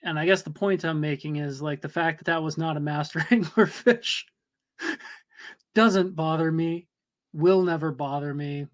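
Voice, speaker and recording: Male co-host, higher-pitched, reflective casual chatter. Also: moderate pace. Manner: reflective, thinking aloud. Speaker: podcast co-host. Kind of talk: casual conversation.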